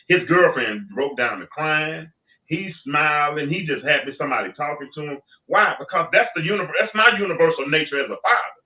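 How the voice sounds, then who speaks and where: A man hosting a casual panel talk, telling stories in an animated, plain-spoken way. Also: on the high side, brisk. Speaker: talk show host. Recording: tinny phone line, distant from mic.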